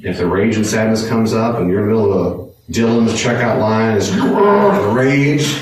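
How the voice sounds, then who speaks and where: A man's voice: lowish voice, lively intonation, unhurried. A man leading a Bible study in a conversational, earnest way, repeating points for emphasis. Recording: echoey room, distant mic, faint noise.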